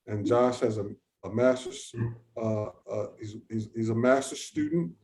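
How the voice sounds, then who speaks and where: A man's voice: mid-range voice, unhurried, a little mellow. A man moderating an online session over a video call, talking in an informal, chatty way. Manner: informal, chatty, thinking aloud. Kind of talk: hosting an online research session.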